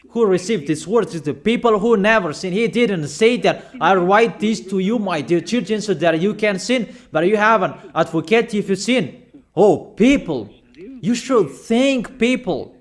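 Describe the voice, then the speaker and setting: High-voiced man preaching a stern sermon. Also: expressive. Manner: admonishing, emphatic, slow deliberate phrasing with pauses; rhetorical questions to listeners.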